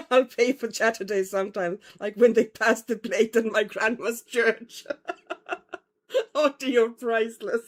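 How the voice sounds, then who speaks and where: A woman's voice: a little high, steady tone, measured pace. A woman from Estonia with a vague European accent and a slight Irish twang, hosting a casual livestream and chatting with viewers. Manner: chatty, greets viewers, frequent laughs. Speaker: livestream host. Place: home.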